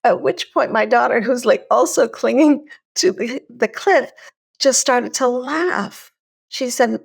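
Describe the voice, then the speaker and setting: Gravelly middle-aged woman telling a story. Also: a little high, slow pace. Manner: earnest, animated storyteller. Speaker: podcast co-host. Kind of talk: personal storytelling in conversation.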